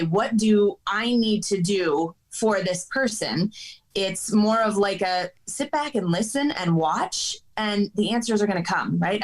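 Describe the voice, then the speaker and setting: Measured woman coach on a podcast. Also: mid-range voice, poor audio. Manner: measured, reflective, with small restarts. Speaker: softball coach, podcast guest. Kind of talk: casual podcast conversation.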